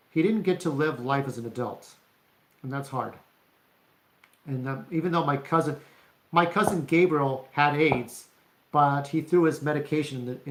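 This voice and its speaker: A man delivering a rambling, profane rant to camera as a vlogger, often checking in with "okay?". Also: mid-range voice. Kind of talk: ranting monologue to camera. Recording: roomy echo.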